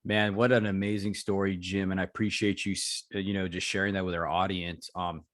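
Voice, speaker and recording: A man with a lower voice hosts a podcast, answering his guest in an affirming, reflective way. His sound is dry and close. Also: a bit bright, no echo. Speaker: podcast host. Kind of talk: podcast interview.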